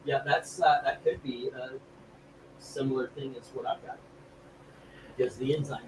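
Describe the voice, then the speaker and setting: A man's voice: medium pitch, steady tone, moderate pace, a little hiss or hum, rough recording. A man hosting a live comic book auction stream, chatting casually and rambling with jokes, feeling sick from food poisoning. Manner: rambling, jokey, laughs easily.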